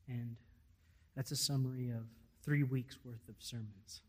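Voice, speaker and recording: A male pastor preaching a sermon, stressing key words loudly and then dropping almost to a whisper. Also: mid-range voice, fairly even intonation, measured pace. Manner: emphatic, swelling to loud stresses then dropping to near-whispers.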